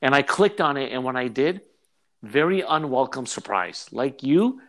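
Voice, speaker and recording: A man hosting a casual podcast, telling stories in animated slangy talk and quick to laugh. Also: medium pitch, rough recording. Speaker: podcast host.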